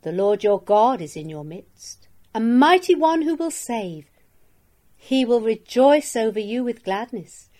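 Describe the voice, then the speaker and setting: A woman reads scripture aloud for a daily devotional, her voice sitting a little high. She takes her time over each line, measured and solemn, and reads out every verse reference. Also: animated, mellow. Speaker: scripture reader. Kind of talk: slow devotional Bible reading.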